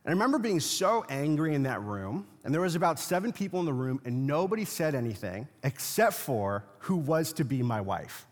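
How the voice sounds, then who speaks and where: A pastor delivers a sermon in a fairly high voice, dropping low to tell a story and then rising to a forceful, insistent pitch. The long reverb of a large hall trails after each phrase. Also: male voice, big pitch swings, brisk, hardly any pauses. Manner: swings from quiet storytelling to loud, insistent preaching.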